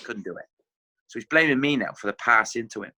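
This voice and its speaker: A middle-aged man with an Irish accent, a former footballer telling animated anecdotes as a podcast guest, acting out what others said. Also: medium pitch, quick pace. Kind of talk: casual podcast storytelling.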